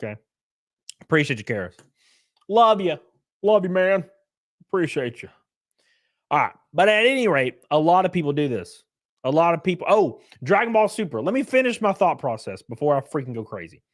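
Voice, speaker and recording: A man in his thirties hosting a livestream, ranting loudly and profanely in casual chat, laughing between rants. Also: fairly high pitch, very animated, moderate pace, long pauses. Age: 30s. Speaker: livestream host.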